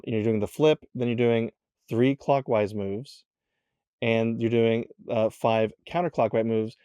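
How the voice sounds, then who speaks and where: Mellow-voiced man teaching a puzzle. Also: mid-range voice, clear, resonant tone, no room sound. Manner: casual, counts moves aloud slowly. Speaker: tutorial host. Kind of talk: step-by-step puzzle tutorial.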